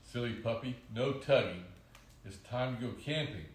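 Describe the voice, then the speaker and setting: A man reading aloud and voicing a cheerful little girl who talks to her puppy in a bright, coaxing storybook voice, in a roomy room. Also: medium pitch, normal speed, a little hiss or hum, natural voice. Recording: roomy echoey recording.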